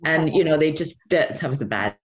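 Woman, low voice, animated intonation, casual interview answers, lots of fillers. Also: moderate pace, a little hiss or hum. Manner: rambling, laughs easily, many fillers.

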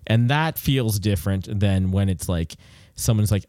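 A man's voice: lowish voice, unhurried, darkish tone, no room sound, clean studio sound. A man talking casually about a film, rambling with frequent restarts. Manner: rambling, restarts often, lots of "like". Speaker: podcast co-host.

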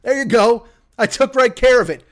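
Comedy podcast host, male, high-pitched, foul-mouthed ranting delivery. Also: normal speed, a little hiss or hum. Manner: ranting, profane, riffing into mock voices. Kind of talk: profane comedic rant.

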